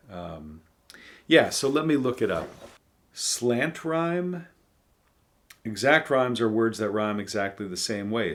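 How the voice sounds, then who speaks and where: A man with a lowish voice reads poetry aloud and muses over it at an unhurried pace. He thinks out loud, trailing off and filling gaps with frequent ums. It sounds like a relaxed, casual reading and commentary. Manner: thoughtful, musing, hesitant with frequent ums. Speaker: channel host reading poems aloud.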